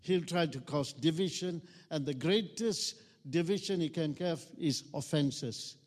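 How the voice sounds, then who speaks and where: Man preaching to a congregation; raised pitch, pushes lines for the crowd to echo back, big reverberant hall. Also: unhurried, darkish tone. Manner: emphatic call-and-response, urging the congregation to repeat phrases. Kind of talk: sermon. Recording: long reverb of a large hall.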